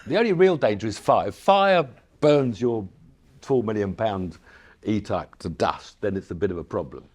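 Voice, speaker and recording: Older male raconteur, low husky voice, animated and sentimental, rambling restarts. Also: normal speed. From England. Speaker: guest, racing driver and former TV presenter. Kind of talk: live on-stage interview. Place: museum lecture theatre, live audience.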